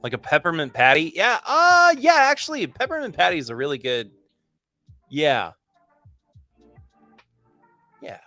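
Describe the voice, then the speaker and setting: A podcast host runs a laid-back whiskey tasting livestream, speaking at normal speed in a middle-range voice with a bright, forceful edge and huge pitch swings. He's chatty and eager, rambling and restarting sentences, with soft music faintly underneath and no echo.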